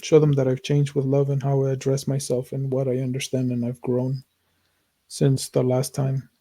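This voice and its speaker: A man's voice: medium pitch, completely flat delivery, moderate pace, mellow. A man co-hosting a heartfelt podcast conversation, speaking earnestly and searchingly, repeating himself and swearing as he works through his thoughts. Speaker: podcast co-host.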